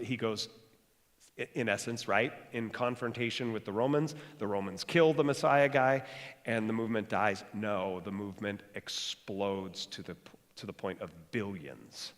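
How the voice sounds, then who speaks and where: Fast-talking pastor preaching in a hall. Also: male voice, on the low side. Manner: fast-talking, rising to animated bursts; joking, conversational. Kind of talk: sermon. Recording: long hall reverb.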